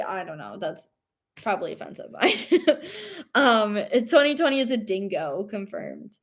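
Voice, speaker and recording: A woman's voice: mid-range voice, very animated, measured pace, fairly bright tone. An American woman in her late twenties, chatting casually and giggling on a livestream while she paints and answers her chat. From United States. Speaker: streamer.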